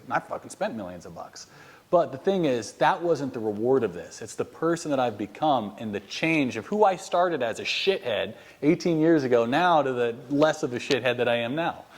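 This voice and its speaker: American man, mid-pitched, as a profane, high-energy sales coach rallying trainees indoors. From United States. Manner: blunt, profane and animated storytelling. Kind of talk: motivational sales training talk. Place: inside a house, addressing a group of trainees.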